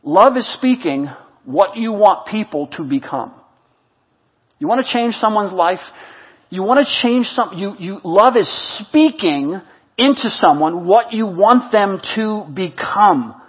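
A male pastor preaching a sermon, swinging between loud exhortation and hushed, intimate repetition. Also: sits high, lively intonation, measured pace, breathy edge, muffled recording.

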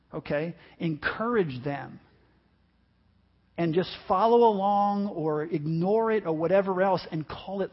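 Impassioned high-voiced male preacher, husky. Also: highs cut off. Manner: impassioned, emphatic preaching with repetition. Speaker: pastor. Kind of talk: sermon.

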